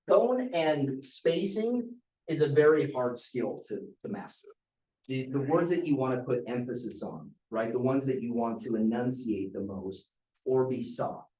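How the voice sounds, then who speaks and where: A man's voice: mid-range voice, dark tone. Man training a team in a roomy echo. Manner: conversational storyteller who demonstrates vocal inflection. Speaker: real estate team trainer. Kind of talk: training talk at a team meeting. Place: office meeting room.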